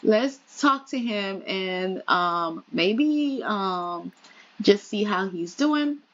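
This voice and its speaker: A woman's voice: medium pitch, lively intonation, very slow. A woman casually commenting on a life-simulation game, chatty and voicing her characters' small talk. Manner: chatty, voices her characters' banter in quotes. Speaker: let's play gamer. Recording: slightly dull lo-fi audio.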